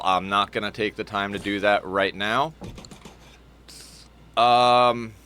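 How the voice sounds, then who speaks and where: A man casually talking through a game on stream. He rambles, restarts his sentences and swears freely. His pitch sits in the middle. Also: sharp tone, slight background noise. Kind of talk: casual gameplay commentary.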